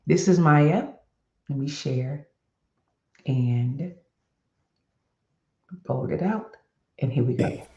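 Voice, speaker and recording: Lower-voiced woman vlog host, lively and conversational, recorded with muffled lo-fi sound. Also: very slow, pauses often. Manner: animated and chatty, addressing viewers as y'all. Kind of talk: casual motivational vlog talk. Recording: echoey room with dull lo-fi sound.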